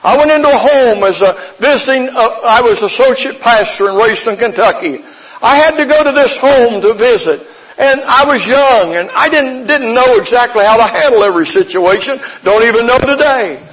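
A middle-aged preacher with a high, bright voice tells homespun stories from the pulpit and builds into fervent declarations. The sound is dull and lo-fi, like an old church tape. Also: male voice, expressive, normal speed. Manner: folksy storytelling, rising into fervent proclamation. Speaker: pastor. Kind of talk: preaching a sermon. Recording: dull lo-fi sermon recording.

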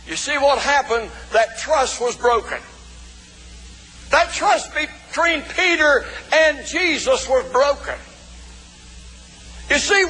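A male pastor preaching a sermon in a folksy way, calling out to the congregation and shouting for emphasis. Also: very high-pitched. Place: church. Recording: long reverb of a church hall.

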